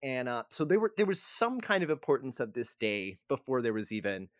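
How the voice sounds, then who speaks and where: A man's voice: mid-range voice, very animated, brisk, dry recording, clean studio sound. A man co-hosting a casual podcast, rambling and self-deprecating as he explains history. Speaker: podcast co-host.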